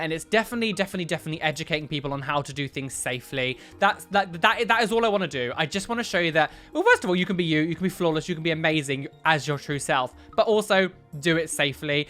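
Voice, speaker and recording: A young man hosting a reaction video, animated and exclamatory with frequent laughs. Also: a little high. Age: young adult. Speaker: YouTube reaction host. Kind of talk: reaction commentary.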